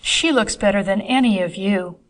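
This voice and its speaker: A woman's voice: mid-range voice, normal speed, lightly acted. A fond, impatient older count, read by a woman.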